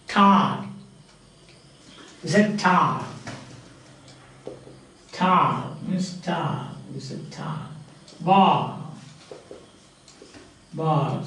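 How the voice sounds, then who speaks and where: A man teaches a class, drilling example words one by one at an unhurried pace. His voice sits fairly high. It reaches the mic from a distance, with the strong echo of a bare classroom. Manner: slow, repetitive, drilling example words aloud. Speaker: English phonetics teacher. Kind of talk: classroom lecture.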